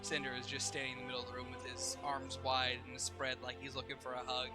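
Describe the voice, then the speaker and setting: A man running a tabletop role-playing game, narrating and voicing characters in a playful, animated way. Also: medium pitch, fast, over loud music. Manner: animated, playful, laughs often. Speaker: game master.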